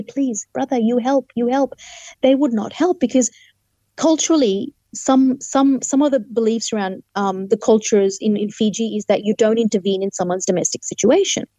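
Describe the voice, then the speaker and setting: A woman's voice: on the high side, mellow, no echo. A woman telling a personal testimony as an interview guest, earnest and vivid, with restarts and acted-out quotes.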